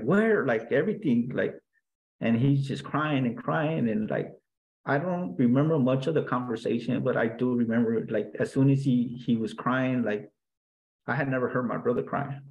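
A man, a guest in an interview, earnestly recounting a personal story in a halting way, with many restarts and fillers. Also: medium pitch, darkish tone, dull audio.

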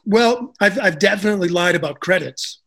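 High-voiced chatty American-stage actor. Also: male voice, lively intonation, brisk, vocal fry, a bit bright. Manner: chatty, many restarts and fillers. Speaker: actor, guest. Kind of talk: casual storytelling interview.

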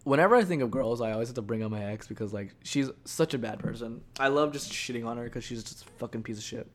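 A young man chats alone into his podcast mic. He rambles and restarts, swears freely and leans on "like" in nearly every line. His voice sits at a middling male pitch. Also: normal speed. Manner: rambling, profane, heavy filler "like". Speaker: podcast host. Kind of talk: casual solo storytelling.

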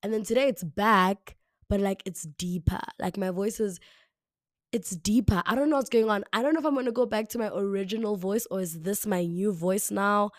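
With a hoarse, slightly raspy voice made deeper by the flu, a young woman from South Africa talks at a moderate pace on her solo podcast. She's chatty, says "like" constantly and repeats herself. Recorded alone indoors on a camera mic, the sound is studio quality with no echo.

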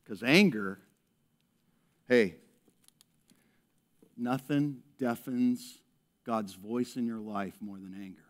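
A male pastor preaching a lively sermon to his church, acting out people in a raised voice and dropping to a hushed tone in prayer. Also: mid-range voice, slow pace, long pauses. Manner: animated, acts out characters in raised voice, drops to hushed prayer. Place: church service.

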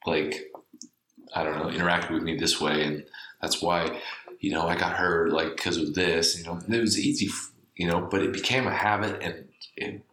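A man's voice: deep voice, fairly even intonation, moderate pace, a bit bright. A man co-hosting a podcast, talking casually with swearing and earnest advice on taking responsibility. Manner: earnest, preachy about responsibility, profane. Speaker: podcast co-host. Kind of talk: casual chat. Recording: roomy room, faint noise.

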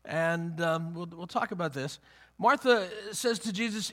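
High-voiced man preaching conversationally. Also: measured pace, few pauses, fairly bright tone. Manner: conversational, repeats and restarts, acts out quotes. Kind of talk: sermon.

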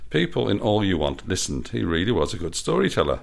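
A man's voice: sits low, big pitch swings, a little fast, vocal fry. A man reading aloud his own playful story, with a self-amused manner.

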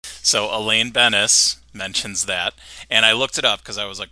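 A man's voice: on the low side, steady tone, moderate pace, sharp tone, no room sound. A man hosting a podcast, recapping a cartoon episode in a chatty way and laughing often. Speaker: podcast host. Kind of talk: casual chat, recapping an episode.

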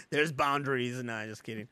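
A man's voice: medium pitch, sharp tone, no room sound. A man hosting a podcast in loose casual chat, rambling, laughing often and swearing freely. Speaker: podcast host.

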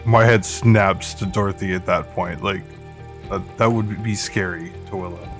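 A man's voice: low-pitched, fairly even intonation, moderate pace, faint music behind. A man playing a tabletop horror game, speaking casually about his character and asking about dice rolls. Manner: casual, asks rule questions. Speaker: player.

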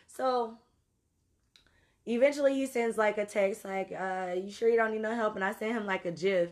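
A woman telling a story in an animated, profane way, moving between loud outbursts and low asides. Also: normal speed. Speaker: podcast host. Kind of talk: storytelling monologue.

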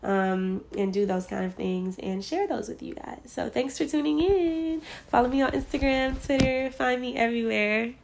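A woman's voice: a little high, normal speed, gravelly, few pauses, slight background noise. A young woman telling a story in a casual vlog, acting out the dialogue with lots of fillers. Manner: animated, acts out quoted dialogue, frequent "like" fillers. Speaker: vlogger.

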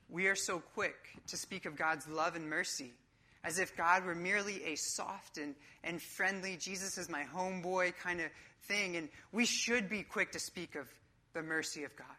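Woman preacher, bright forceful voice, slightly low pitch, emphatic sermon. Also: normal speed. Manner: emphatic, coach-like preaching with casual asides.

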